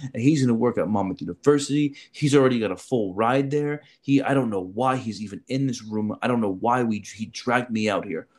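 A man imitating a dismissive, angry mother, speaking slowly and scornfully, in a low voice. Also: darkish tone, natural voice.

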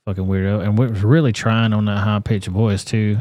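A man's voice: lowish voice, flat delivery, moderate pace, hardly any pauses, darkish tone. A man hosting a casual livestream, reacting to videos and reading chat with crude, blunt, profane talk. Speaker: livestream host.

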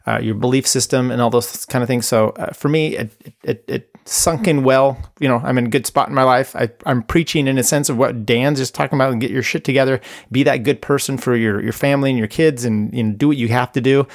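Gravelly-voiced man hosting a podcast. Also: medium pitch. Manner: rambling, loose, self-interrupting. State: briefly muted on a call. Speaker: podcast host. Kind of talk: casual commentary between clips.

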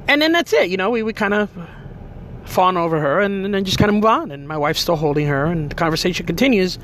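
A man's voice: sits high, lively intonation, fast, a bit bright, a little hiss or hum. A middle-aged man telling a family story in a casual, rambling way, full of filler words and tag questions.

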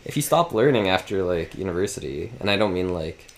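Deep-voiced young man rambling casually. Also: lively intonation, brisk. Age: 20s. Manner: rambling, heavy use of "like". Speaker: podcast co-host. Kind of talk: casual chat.

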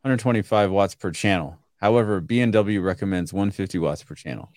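A man's voice: brisk, darkish tone, no echo, clean studio sound. A man co-hosting a podcast, chatting casually and laughing easily. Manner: laughs easily, can switch into a pushy salesman pitch. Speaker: podcast co-host. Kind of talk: casual chat.

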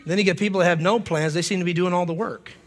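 Man, preacher, fairly high voice, humorous revival sermon, animated with sudden shouts, long hall reverb. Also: quick pace. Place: church hall.

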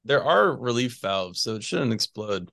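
A very animated, gravelly, fairly bright medium-pitched voice belongs to a physics PhD student in his twenties, talking at a measured pace. Recorded in studio quality without echo, he's a casual interview guest who rambles, chuckles between phrases, and uses many fillers.

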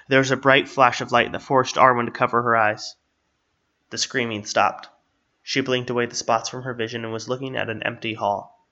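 A man reading a story aloud in steady, measured narration. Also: medium pitch. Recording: slightly dull, lo-fi.

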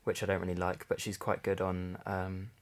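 A man's voice: low-pitched, level tone, normal speed. A young man from England hosting a casual podcast, chatty with dry, wry humour. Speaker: podcast host. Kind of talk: casual chat.

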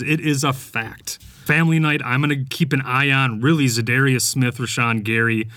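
A man's voice: medium pitch, normal speed, hardly any pauses, no echo. Opinionated man talking sports podcast. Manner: animated, opinionated, many fillers and restarts. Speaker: podcast host. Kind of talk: casual sports commentary.

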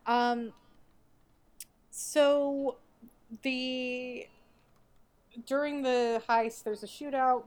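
Woman, podcast co-host, wry and chatty, slightly high voice. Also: clean tone. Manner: wry, chatty, recapping a show. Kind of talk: casual chat.

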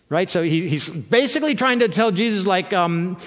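Chatty preacher in a reverberant hall. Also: male voice, sits high, animated, fairly quick, fairly bright tone. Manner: conversational, keeps checking in with "right?". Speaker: pastor. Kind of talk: sermon. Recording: long reverb of a large hall.

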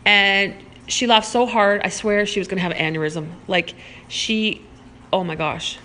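A woman tells a personal anecdote in a loose, animated way. Her voice is bright and forward, and she peppers her talk with "like" and the odd curse word. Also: mid-range voice, normal speed, a little hiss or hum. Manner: animated, swears freely, heavy use of "like". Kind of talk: casual anecdote telling.

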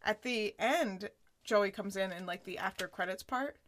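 A woman co-hosting a podcast, casually recapping a sitcom episode in an animated way, with lots of "like" and laughter. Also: medium pitch, normal speed, slight background noise. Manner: animated retelling, full of "like" and laughter. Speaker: podcast co-host.

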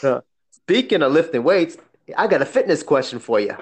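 A man's voice: fairly high pitch, normal speed, breathy edge. A man co-hosting a casual chat, telling stories with frequent laughter. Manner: laughing often, animated storytelling.

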